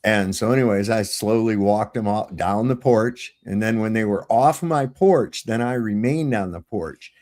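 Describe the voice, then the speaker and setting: A man's voice: fairly low pitch, normal speed, hardly any pauses, darkish tone. A middle-aged man telling a rambling, profanity-laced story as a guest on a livestream panel, over a remote call.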